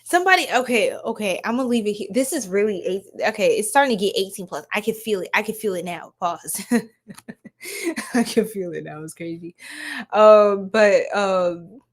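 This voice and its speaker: A woman's voice: mid-range voice, moderate pace. A woman giving a casual livestream tarot reading, laughing often and chatting with viewers.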